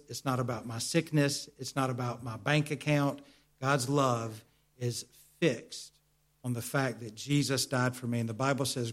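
A middle-aged man preaching a sermon in an earnest, confessional way, repeating words as he searches for them, slowing down and dropping softer to stress a point. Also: medium pitch. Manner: earnest, confessional, with hesitant repetitions; slows down for emphasis, drops to a soft voice.

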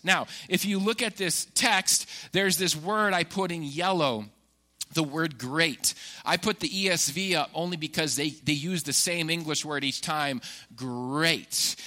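Bright-voiced animated male pastor. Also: high voice. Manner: conversational, animated storytelling with laughs. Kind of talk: sermon.

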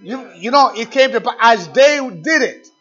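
A man preaching a sermon, swinging between quiet asides and fervent rising calls. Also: extremely high pitch, lively intonation, normal speed, highs cut off.

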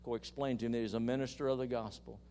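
A man's voice: mid-range voice, steady tone, rapid-fire, a little hiss or hum. Fervent male preacher in church. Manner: storytelling that builds to loud, emphatic exclamations; calls for the congregation's response. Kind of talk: sermon. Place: church before a congregation.

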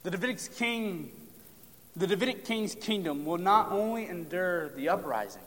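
A man preaching a sermon on a psalm, emphatic, pressing hard on key lines and then dropping to a hush. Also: a little high. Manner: emphatic, drops to hushed tones for stress. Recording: long hall reverb.

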